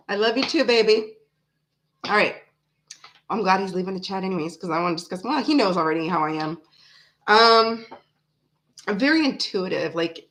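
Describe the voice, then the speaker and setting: A woman in her thirties talks her way through a live tarot stream in a loose, rambling manner. She is frank and blunt, her pitch sits in a middle range, and she laughs between her asides. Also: fairly bright tone, slight background noise. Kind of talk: casual live-stream chat.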